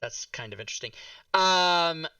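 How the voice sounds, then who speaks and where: A man hosting a casual streamed talk show, joking and rambling with quick asides. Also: fairly high pitch, lively intonation, pushed and bright, clear, resonant tone, no echo, far from the mic.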